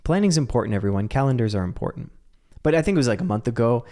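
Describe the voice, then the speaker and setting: A man's voice: mid-range voice, very animated, rapid-fire, warm tone. A man hosting a solo podcast, talking casually in a rambling, self-mocking, jokey way with frequent laughs. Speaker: podcast host.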